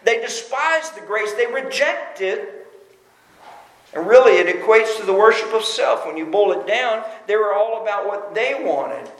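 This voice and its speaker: A man's voice: high voice, lively intonation, a little slow. A man preaching a sermon as pastor, emphatic and full of rhetorical questions. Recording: roomy echo.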